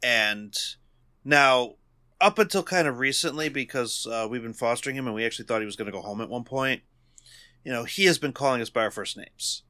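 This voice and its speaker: A young man co-hosting a casual podcast, speaking from the heart in halting, restarting sentences. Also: mid-range voice, pushed and bright, dry recording. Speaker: podcast co-host.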